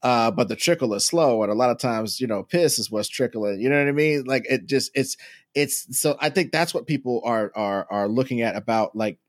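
A man's voice: medium pitch, moderate pace, no echo, clean studio sound. A man co-hosting a podcast, talking in loose, rambling, profane casual chat and laughing often. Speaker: podcast co-host.

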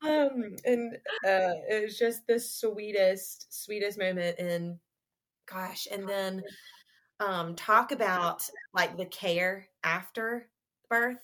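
A woman's voice: medium pitch, slow, fairly bright tone. A young adult woman, a podcast guest telling a story in a casual interview. She talks animatedly and laughs and giggles often.

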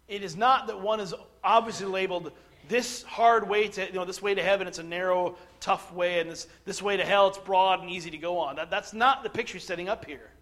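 A middle-aged man preaching a sermon, earnest and halting, with frequent restarts, at times building to forceful emphasis. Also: sits high. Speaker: pastor.

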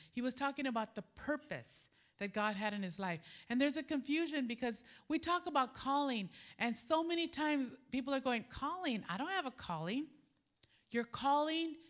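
A middle-aged woman preaching a sermon, telling a personal story and acting out the dialogue in an animated way. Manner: animated, acts out quoted dialogue with jumps in pitch. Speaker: preacher at a women's gathering.

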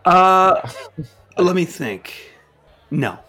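A man who works as a lawyer, co-hosting a casual film podcast and retelling scenes with animated, laughing energy. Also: high-pitched, extremely slow.

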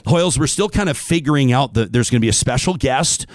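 A man, co-hosting a talk show in casual chat, animated and enthusiastic, with leaps in pitch. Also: quick pace, no echo, studio quality. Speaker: radio show co-host. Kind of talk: casual chat with read ads.

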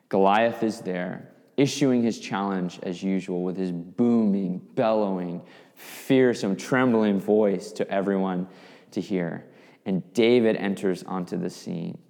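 A man preaching a sermon, telling a story with lively, vivid asides. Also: sits low. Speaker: pastor. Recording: long reverb of a hall.

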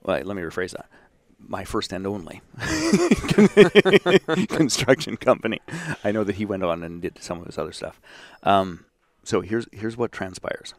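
A man in his fifties from Saskatchewan, a podcast guest telling his story in a lively, self-deprecating way. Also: on the low side, measured pace, dry recording. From Saskatchewan, Canada. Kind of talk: casual storytelling.

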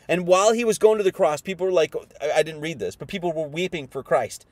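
A man preaching a sermon who reads scripture aloud, then explains it in casual slang, swinging between hushed reading and loud emphasis. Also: a little high, fast, no room sound.

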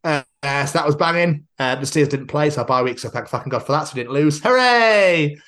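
A man, co-hosting a podcast in casual chat, excitable and sweary, acting out quotes. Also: a little high, brisk. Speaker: podcast co-host.

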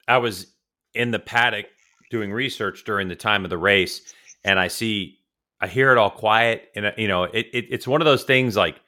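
A man from California with a lowish, pushed and bright voice co-hosts a racing podcast over a remote call at a moderate pace. In casual chat he spins long, teasing, rambling stories.

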